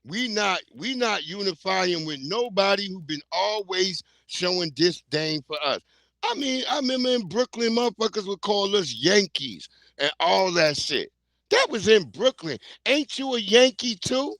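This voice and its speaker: A man's voice: sits high, big pitch swings, unhurried, a bit bright, dry recording. A middle-aged man, hosting a livestream in a blunt, heated, profane rant. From New York. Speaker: livestream host. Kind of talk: casual ranting commentary.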